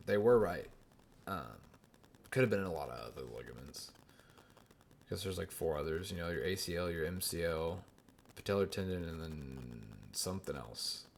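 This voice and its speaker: A young man hosting his own podcast, telling a story in crude, animated casual chat and mocking other people's voices. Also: sits low, moderate pace, gravelly, slight background noise. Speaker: podcast host.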